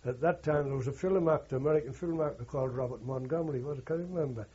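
Brief: older man, war veteran interviewee, husky dark voice, anecdotal rambling, old lo-fi recording. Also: mid-range voice, fast. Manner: rambling anecdotal, frequent "you know" and "like". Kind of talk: oral history recollection.

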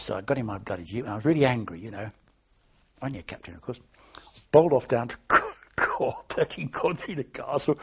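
A man's voice: medium pitch, gravelly, husky. An older man, a war veteran, telling anecdotes in an oral history interview, rambling and restarting as he goes. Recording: dull lo-fi archive tape.

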